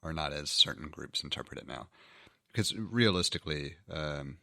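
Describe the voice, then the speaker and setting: A man co-hosting a casual podcast chat, choosing his words in a measured, careful way. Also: extremely low pitch, vocal fry, sharp tone, no room sound, clean studio sound. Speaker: podcast co-host.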